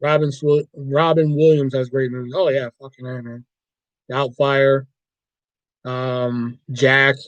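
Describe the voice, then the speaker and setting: A man's voice: mid-range voice, flat delivery, a little slow, no room sound, highs cut off. A man hosting a livestream, chatting casually about movies in a rambling, profane way. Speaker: livestream host.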